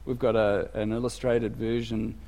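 A man's voice: fairly low pitch, level tone, normal speed, gravelly, darkish tone. A man preaching a sermon as pastor in a conversational, emphatic way. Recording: church with long reverb.

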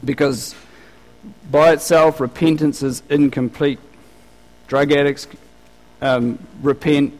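A middle-aged pastor with a mid-range, slightly mellow voice preaches a sermon conversationally, asking listeners many rhetorical questions. A long hall reverb surrounds the recording.

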